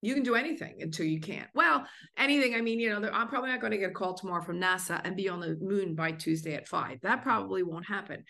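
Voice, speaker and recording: Bright fast-talking woman guest. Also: medium pitch, gravelly. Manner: upbeat and encouraging, many fillers. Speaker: guest, author. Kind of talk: casual interview chat.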